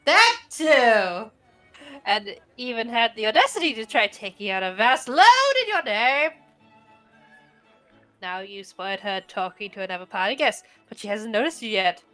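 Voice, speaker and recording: A woman's voice: a little high, big pitch swings, measured pace, a bit bright, soft background music. A woman narrating a tabletop role-playing game as game master, in a playful way. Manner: playful narration, laughing between lines.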